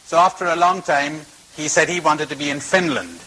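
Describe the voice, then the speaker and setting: A man's voice: fairly high pitch, moderate pace, bright, forceful tone, breathy edge, rough recording. A man giving a spiritual talk to a retreat audience, telling stories and repeating phrases for emphasis, recorded on old tape. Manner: storytelling with varied emphasis and repetition. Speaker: spiritual teacher.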